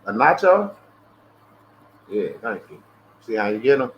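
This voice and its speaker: A man's voice: lowish voice, brisk, lo-fi sound, a little hiss or hum. A man hosting a casual livestream and chatting loosely with lots of profanity. He tells stories animatedly. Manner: mimics callers in a raised voice. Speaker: livestream host. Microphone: earpiece headset.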